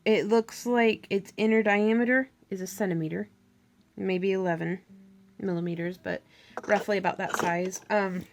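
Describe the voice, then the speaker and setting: A woman's voice: medium pitch, steady tone, moderate pace, a little hiss or hum. A woman hosting a crafting tutorial, chatting casually and thinking aloud as she works. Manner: chatty, thinking aloud, with fillers and little laughs.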